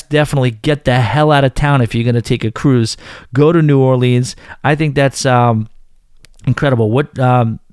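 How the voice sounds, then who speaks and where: A man's voice: medium pitch, darkish tone, clean tone, no echo, studio quality. A man with a Northern New York accent hosting a podcast, chatting casually and reading listener emails with frequent asides. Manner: chatty, self-deprecating, interrupts emails with asides. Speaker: podcast host.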